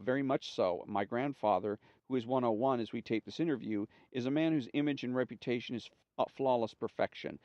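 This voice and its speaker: A man's voice: mid-range voice, a little mellow, dry recording. A man reading a magazine interview aloud in a plain voice, announcing each speaker before their lines. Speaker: reader. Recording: dry, slightly dull home recording.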